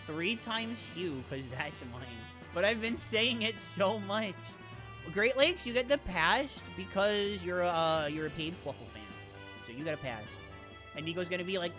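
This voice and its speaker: A woman's voice: on the low side, animated, normal speed, music in the background. A woman streamer giving playful, bubbly live commentary while playing a game.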